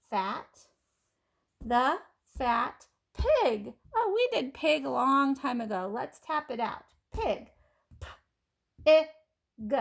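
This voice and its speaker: A woman teaching kindergarten children phonics, sounding out letters and words slowly and clearly in a patient, encouraging way. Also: high-pitched. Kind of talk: phonics lesson for young children.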